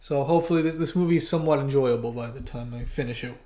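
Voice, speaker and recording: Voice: mid-range voice, dark tone. Stammering animator chatting on a livestream. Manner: halting, stammering with many restarts. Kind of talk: casual livestream chat. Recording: roomy echo.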